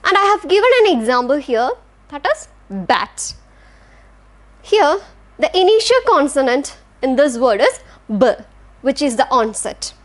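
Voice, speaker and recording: A woman's voice: sits high, sing-song, measured pace. A woman with an Indian English accent, teaching a lecture and patiently sounding out words syllable by syllable. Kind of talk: classroom lecture.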